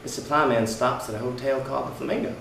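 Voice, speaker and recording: An actor playing a brash, mocking working-class husband who taunts and bullies, in an amateur stage play. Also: male voice, mid-range voice, steady tone, fast talker, vocal fry, slight background noise. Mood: sneering. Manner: sneering, taunting, forceful. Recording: echoey room, distant mic.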